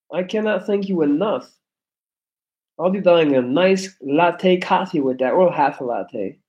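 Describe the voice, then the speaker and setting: A man's voice: high-pitched, darkish tone. A young man reading viewer comments aloud in a laid-back, slangy livestream chat. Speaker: YouTuber reading live chat.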